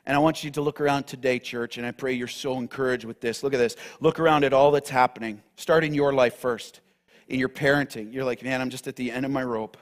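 A male pastor preaching a sermon with passion, moving from loud declarations to hushed, near-whispered appeals. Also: medium pitch, fairly even intonation, brisk, long reverb tail.

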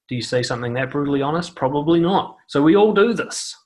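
A man's voice: medium pitch, quick pace. Man, dating coach, blunt, curses casually, mimics others, sitting indoors. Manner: blunt, swears casually, acts out quoted voices. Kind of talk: casual advice monologue to camera. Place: seated indoors on a noisy chair.

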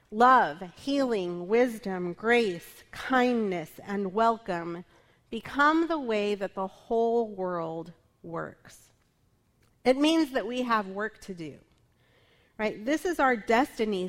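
Woman pastor giving a sermon, chatty, keeps asking "right?", voice a bit high. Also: fairly bright tone. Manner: conversational, frequent tag "right?".

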